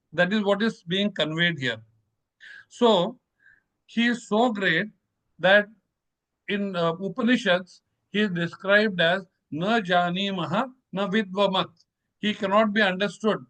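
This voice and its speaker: Man, high-pitched, measured lecture delivery, slow verse recitation. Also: sharp tone, rough recording. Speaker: presenter explaining scripture. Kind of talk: lecture presentation.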